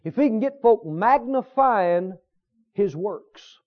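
Brief: a male preacher with a lively, emphatic delivery, muffled recording. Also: sits high, a little slow. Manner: emphatic preaching with repetition and questions to the congregation. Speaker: pastor. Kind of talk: sermon.

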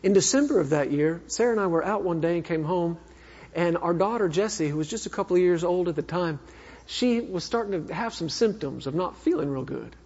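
A man preaching a sermon as a minister, telling a personal story in an earnest way that swings between fervent and hushed. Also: high voice, lively intonation, brisk, breathy edge. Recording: echoey hall, dull sound.

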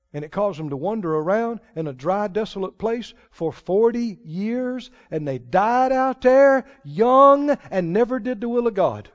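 Preacher, male, very high voice, slow deliberate delivery, dull lo-fi sound. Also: sing-song, big-room sound. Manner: preaching with dramatic swings between loud and hushed. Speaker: pastor. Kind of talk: sermon. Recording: dull lo-fi sermon recording.

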